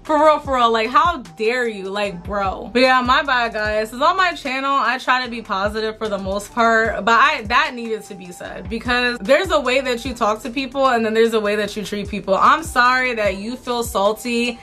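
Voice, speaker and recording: A young woman with a bright, tense voice, a little higher than most, tells an exasperated storytime while getting ready at home. She talks in slang, loops back on herself and repeats lines for emphasis. Soft music sits faintly under her. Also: moderate pace, few pauses. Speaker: beauty vlogger. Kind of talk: storytime chat while doing makeup.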